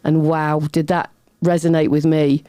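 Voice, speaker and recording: Middle-aged woman rambling on in an interview, mellow voice, dry close sound. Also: low voice, flat delivery, normal speed, smooth, no echo. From Britain. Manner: chatty, rambling storyteller. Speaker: podcast guest. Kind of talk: casual interview chat.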